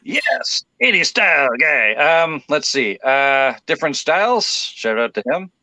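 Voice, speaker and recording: A man's voice: a little high, very animated, unhurried, bright, forceful tone, no room sound, rough recording. A man chatting as a podcast guest, hesitant with many fillers and giggles. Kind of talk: casual podcast chat.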